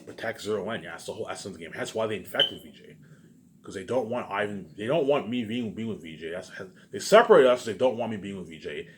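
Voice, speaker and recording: A man with a fairly low voice rushes through a rambling vlog monologue, circling back to the same points again and again. His talk is loose and profane, and a faint ambient hum sits behind him. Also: lively intonation. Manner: rambling and repetitive, with frequent swearing. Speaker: vlogger. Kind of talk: casual rambling monologue to camera.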